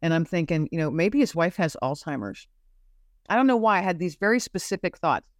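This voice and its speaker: A woman's voice: on the low side, animated, fairly quick, no room sound, clean studio sound. A woman guest telling personal faith stories in an earnest, searching way, often repeating herself as she looks for the right words. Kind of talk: faith-centered personal storytelling.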